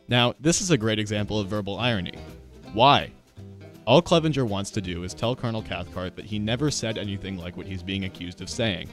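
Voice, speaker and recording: A man teaching a literature lesson in a scripted narration, explaining clearly and speaking directly to students. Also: fairly low pitch, dry recording.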